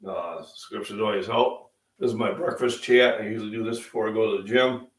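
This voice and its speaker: A man's voice: fairly low pitch, fairly even intonation, brisk. Midwest guy rambling on his breakfast chat, a bit sick, kinda far from the mic in an echoey room. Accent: Midwestern American. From Illinois, US Midwest. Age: middle-aged. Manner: rambling, chatty, frequent fillers. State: under the weather, coughing and throat-clearing. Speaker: fitness channel host. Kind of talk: casual live-stream breakfast chat.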